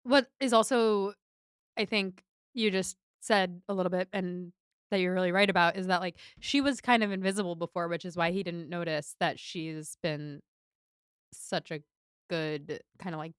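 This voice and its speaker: A woman's voice: lowish voice, fairly even intonation, moderate pace, clean tone, no room sound, studio quality. A woman co-hosting a podcast in a casual book discussion, chatty and loose, with lots of "like" and "kind of". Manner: chatty, many "like" and "kind of" fillers. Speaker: podcast co-host.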